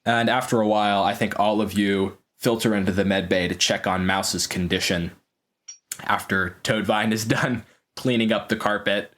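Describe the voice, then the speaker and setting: A man's voice: on the low side, normal speed. Young man narrating as game master. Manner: casual, animated narration.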